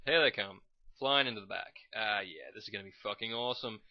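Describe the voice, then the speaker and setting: Man, low voice, casual rambling gameplay commentary, dry and lo-fi. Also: fast, no room sound. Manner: rambling, casual, self-correcting. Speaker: gamer commentating his match. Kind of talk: let's play commentary. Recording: dull lo-fi recording.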